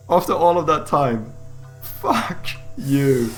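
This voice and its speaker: An unhurried man talks casually through a live stream in a mid-range voice. Calm stretches give way to sudden profane, excited outbursts. Faint music sits behind him. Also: mid-range voice. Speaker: streamer making and playing a game.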